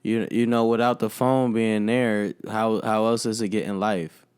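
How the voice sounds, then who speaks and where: A young man co-hosting a podcast, musing aloud in a halting way and laughing often. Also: fairly low pitch, little pitch movement, a little mellow, clean tone, dry recording, clean studio sound. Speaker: podcast co-host. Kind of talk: casual chat.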